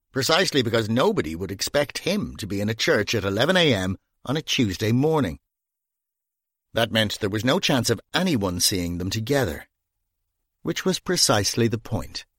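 Male narrator for a crime audiobook: middle voice, steady pacing, dry close mic. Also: medium pitch, dry recording. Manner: even, measured storytelling. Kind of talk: scripted narration.

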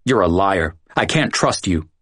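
A man's voice: deep voice, animated, unhurried, a bit bright, dry recording, full character voice. Man reading a stern, cornered young man, dry close voice, story reading. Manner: stammering, then stern. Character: shaken, angry secretive young man.

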